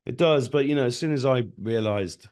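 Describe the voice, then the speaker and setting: A man's voice: medium pitch, brisk. A middle-aged man from Britain, a guest telling stories in casual conversation and acting out the voices in them. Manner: animated storyteller, acts out voices in anecdotes.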